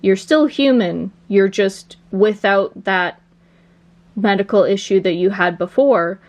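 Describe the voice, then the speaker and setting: A woman's voice: medium pitch, slow. A woman voicing an eager, direct male alien time traveller.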